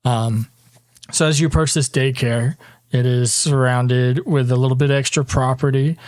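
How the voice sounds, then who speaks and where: A man's voice: mid-range voice, normal speed. A man runs a tabletop game as dungeon master. His narration wanders along loosely, full of ums and restarts. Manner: relaxed, meandering narration with many ums.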